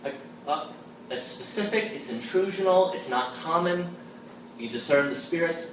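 A man tells a story to a live room, his voice fairly high for a man and quite far from the microphone. The space rings with heavy echo and a steady bed of noise. He acts out the people he quotes, sinking low and quiet for them. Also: moderate pace. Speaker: theology lecturer telling a story. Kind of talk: animated storytelling talk. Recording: distant mic, noisy live room.

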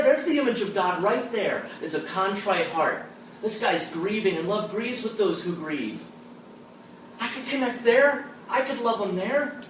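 A man giving an animated storytelling talk as a theology lecturer, often dropping low and soft when he acts out the people he quotes. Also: very echoey. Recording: distant mic, noisy live room.

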